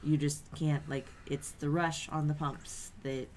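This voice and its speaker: A woman with a notably low voice co-hosts a relaxed livestream chat from home. She talks easily but hesitantly, padding her thoughts with fillers. Faint background noise sits under her voice. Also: a little slow. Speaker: co-host.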